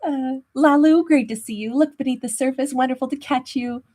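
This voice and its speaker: A woman's voice: high voice, brisk. A woman hosting a live tarot stream, greeting viewers by name in a chatty, affectionate way, often laughing. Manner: warm, chatty, laughs often, calls viewers babe and sweetheart. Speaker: tarot reader and channel host.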